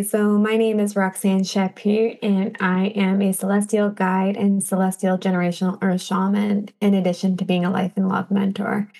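A woman's voice: medium pitch, a little mellow. A woman from Canada, a guest who works as a life and love mentor, introducing herself in an earnest, spiritual way. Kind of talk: self-introduction on a podcast.

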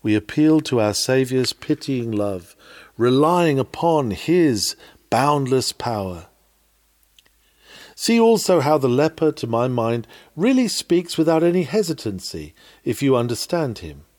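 A man delivers an old-fashioned sermon in a fervent, pleading manner. His voice sits at an ordinary male pitch but climbs and falls dramatically from line to line, and he slows down on the key phrases to press them home. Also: very animated, darkish tone. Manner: fervent and pleading, with wide swings in pitch and volume.

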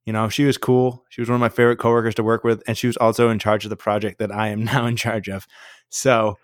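A man's voice: on the low side, flat delivery, quick pace, no echo, clean studio sound. A man co-hosting a casual podcast, talking in a wry, joking way. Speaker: podcast co-host. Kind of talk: casual chat.

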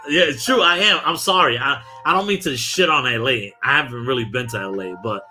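A man's voice: medium pitch, a little fast, pushed and bright, soft background music. A man from Brooklyn, hosting a casual podcast and ranting about sports in heated, profane talk. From Brooklyn, New York. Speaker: podcast host.

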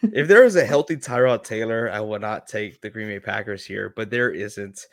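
A man co-hosting a casual football betting show, giving his pick in a measured way. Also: on the low side, no room sound, clean studio sound. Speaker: co-host making picks. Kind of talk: casual sports betting chat.

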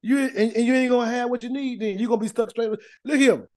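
A man's voice: very high voice, steady tone, quick pace, a little mellow, dry recording. A man leading an informal Bible study, preaching in a folksy, emphatic way and often repeating words as he builds a point. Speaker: Bible teacher.

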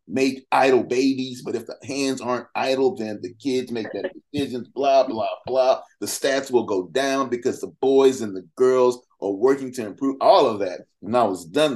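A man's voice: mid-range voice, a little mellow. A man with an ordinary mid-range voice argues his view as a podcast guest. He talks casually, slips in fillers and asides, then presses hard with rhetorical questions. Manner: emphatic, fires off rhetorical questions; conversational, many fillers and quick asides. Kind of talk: impassioned conversational commentary.

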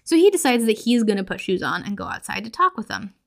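A woman's voice: medium pitch, very animated, quick pace, gravelly. A woman hosting a horror podcast, recapping a movie in a chatty way full of filler words.

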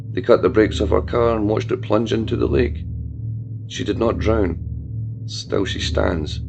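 A man narrating a dark fiction story in a slow, solemn, measured way. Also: fairly low pitch, creaky, dull audio. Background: music.

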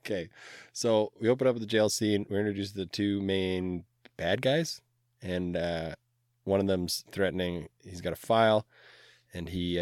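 A man's voice: deep voice, dry recording, clean studio sound. A man co-hosting a podcast, chatting casually in a laid-back, playful, rambling way. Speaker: podcast co-host. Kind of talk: casual chat.

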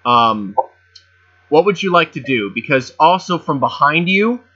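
A man's voice: fairly high pitch, expressive, a little slow, pushed and bright, slightly rough. Chatty game master man, muffled chat audio. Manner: chatty, filler-heavy, laughing descriptions. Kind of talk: narrating a tabletop game over voice chat. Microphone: home voice chat mic.

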